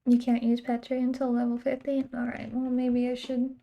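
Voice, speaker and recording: A woman's voice: on the high side, monotone, moderate pace, highs cut off. Chatty young woman streaming her game. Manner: chatty, laughs often, rambling asides. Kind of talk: casual chat while gaming.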